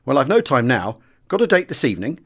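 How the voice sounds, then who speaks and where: A man's voice: medium pitch, big pitch swings, fast talker, breathy edge. A man voicing a brusque, truculent middle-aged senior air officer in an audiobook, speaking in curt, demanding bursts. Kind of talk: audiobook character voice.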